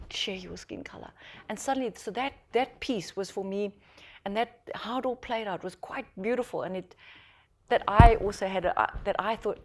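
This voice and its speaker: A woman with a South African accent, a journalist and author speaking on a panel, telling a story in a lively, animated way with many restarts. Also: mid-range voice. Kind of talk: panel discussion anecdote.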